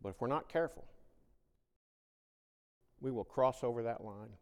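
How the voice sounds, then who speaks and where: Man preaching a dramatic sermon in a hall. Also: normal speed. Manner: dramatic swings from loud, high scripture reading to hushed low reflection. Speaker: pastor.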